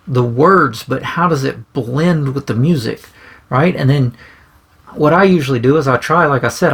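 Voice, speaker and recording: A man's voice: mid-range voice, a bit bright. A man explaining how he writes songs in a casual, rambling way, often checking in with "right?" and restarting phrases. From grew up singing bluegrass in churches. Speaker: songwriter. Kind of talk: casual explanatory talk to camera.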